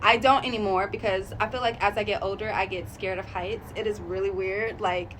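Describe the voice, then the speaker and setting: A woman vlogging in a chatty, rambling way, thinking out loud about her goals and sharing that she is emotional and sensitive. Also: mid-range voice, fairly even intonation, a little fast, slight background noise. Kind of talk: casual motivational vlog talk.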